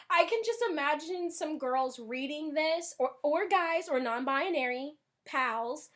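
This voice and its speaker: A young woman co-hosting a casual book discussion, animated and sarcastic, laughing often. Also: high voice, measured pace, hardly any pauses. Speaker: podcast co-host.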